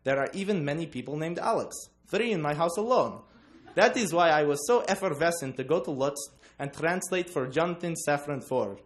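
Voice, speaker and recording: A man's voice: a little high, lively intonation, normal speed, hardly any pauses, lightly acted. A young man voicing a boastful young male translator in a Russian accent, with mangled grandiose English. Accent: Russian, put on. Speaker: student presenter reading aloud.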